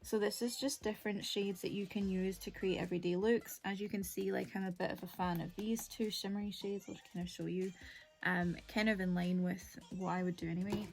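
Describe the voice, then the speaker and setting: A woman's voice: medium pitch, steady tone, fairly quick, gravelly, darkish tone. A young woman, chatting casually and rambling through a make-up tutorial with many fillers. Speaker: beauty vlogger.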